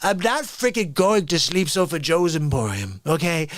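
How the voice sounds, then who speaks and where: A man hosts a live stream and rants in an animated, excitable way, breaking off with laughing asides. His voice sits high. The sound is dry and close. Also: normal speed, dry recording. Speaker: livestream host. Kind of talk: comedic live-stream rant.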